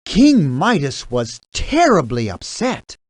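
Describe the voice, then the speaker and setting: A woman narrating a children's storybook game in a slow, scripted reading voice. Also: low voice, loud music behind the voice. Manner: very slow, lively reading with acted quotes.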